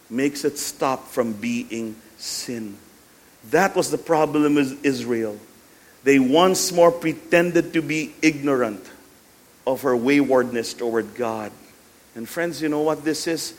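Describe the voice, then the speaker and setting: A man with a Filipino accent preaching a sermon, swinging between loud emphasis and hushed lines and slipping Tagalog phrases into his English. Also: medium pitch. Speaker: pastor.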